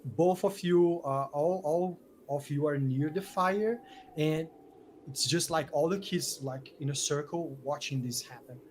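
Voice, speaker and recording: A man's voice: a little high, measured pace, darkish tone, slight background noise. A man running a tabletop game as game master, setting scenes with lots of "like" and restarts.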